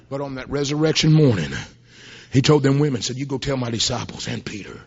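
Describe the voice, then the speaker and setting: A man preaching a sermon, peppering his talk with "amen" and swinging from hushed storytelling to shouted exclamations. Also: medium pitch, brisk, gravelly, slightly rough. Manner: peppered with "amen", folksy grammar. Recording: dull lo-fi recording.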